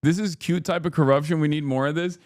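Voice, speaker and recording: A man's voice: on the high side, fairly even intonation, fast talker, no echo, studio quality. Sarcastic, profane male streamer. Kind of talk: casual commentary.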